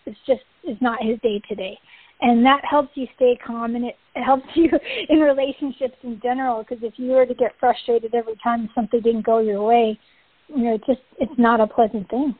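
A woman with a slightly high, husky voice chats easily as an interview guest, laughing now and then and acting out small moments in her stories. The sound is dry and narrow, like a phone call. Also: steady tone, fairly quick, dry recording. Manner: chatty, laughs often, acts out little scenes. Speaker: guest, riding instructor. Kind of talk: casual interview talk. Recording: thin phone-like call audio.

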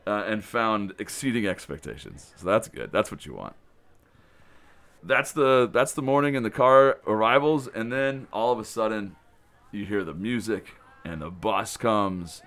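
Male camp director, lower voice, warm enthusiastic storyteller, loose and rambling. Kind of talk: casual spoken recap of the day.

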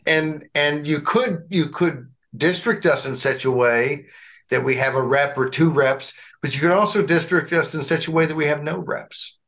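A man's voice: on the high side, moderate pace, a bit bright. A man with a slight Southern US accent co-hosting a casual political chat, rambling and restarting his phrases as he argues. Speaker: podcast co-host.

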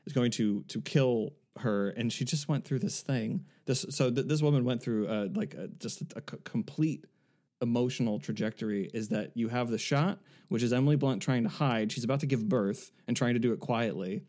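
A man's voice: medium pitch, normal speed, a little mellow. A man co-hosting a casual podcast chat, telling a long anecdote with many fillers and restarts. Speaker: podcast co-host.

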